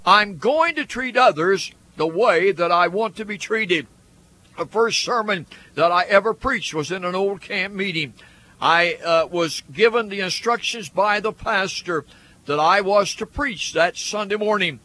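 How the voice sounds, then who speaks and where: Earnest radio preacher man, high bright voice. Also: measured pace. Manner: earnest, repetitive preaching cadence. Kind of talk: radio sermon.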